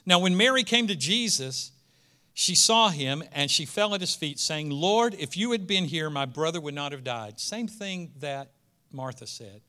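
A male preacher with a drawl, delivering a sermon in a bright, forceful voice pitched a little above the usual. He moves between reading scripture and chatty asides, and swells into emphatic passages. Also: lively intonation, measured pace. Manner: reads scripture aloud, then breaks into casual asides, rising to emphatic peaks.

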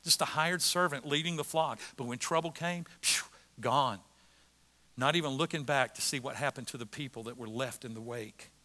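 A middle-aged American man preaching a sermon as pastor, moving between quiet reflection and loud, repeated emphasis. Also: medium pitch, normal speed. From United States.

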